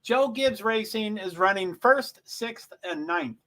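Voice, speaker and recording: A man hosting a casual livestream, rambling through race positions with frequent throat clearing and self-interruptions. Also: sits high, expressive, takes it slowly, pushed and bright. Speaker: livestream host. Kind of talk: casual live race commentary.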